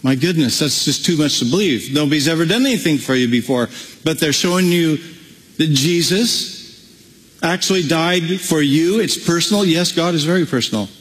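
A man preaching a sermon as pastor, animated, breaking into playful acted-out asides. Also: on the high side, moderate pace, long reverb tail, rough recording.

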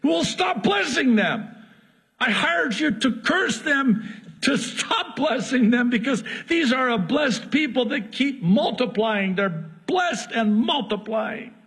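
A man's voice: fairly high pitch, sing-song, measured pace. Man doing a furious rich king. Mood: demanding. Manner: shouting, demanding. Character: wealthy furious male king paying for a curse. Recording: long hall reverb.

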